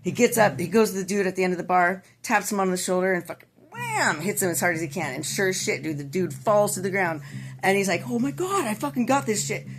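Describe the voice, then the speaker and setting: Woman with a lowish voice telling a swearing bar joke, casual and animated. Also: quick pace, a little hiss or hum. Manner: profane, animated storytelling.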